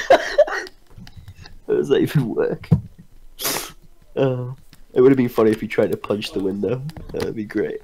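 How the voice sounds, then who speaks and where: A man's voice: fairly low pitch, gravelly, darkish tone, a little hiss or hum. A young man on a live stream, telling crude, swear-heavy stories to friends and laughing as he goes. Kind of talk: casual storytelling with friends.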